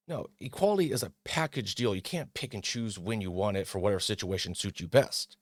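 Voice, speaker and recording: A man with a fairly low voice hosts a casual talk show, reading an article and commenting on it. He slips into mocking impressions of other people. The recording is dry and close. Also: expressive, brisk, few pauses, no echo. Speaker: podcast host.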